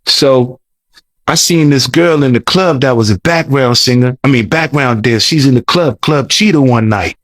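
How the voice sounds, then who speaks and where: A man's voice: mid-range voice, moderate pace, a bit bright, no room sound. A man telling a long story as an interview guest, rambling, repeating words, and talking in loose slang. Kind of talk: casual storytelling.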